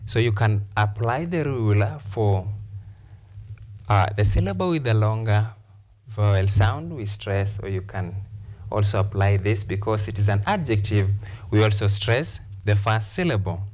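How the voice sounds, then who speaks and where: A man teaching an English lesson on word stress, explaining slowly and repeating key points for his class. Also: lowish voice, darkish tone. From Kenya. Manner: slow, repetitive, deliberate explanation.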